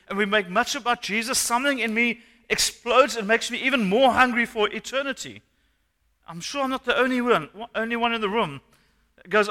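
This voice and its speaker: A male pastor preaching a sermon, animated and asking the congregation questions. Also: high-pitched. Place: church hall. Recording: long hall reverb.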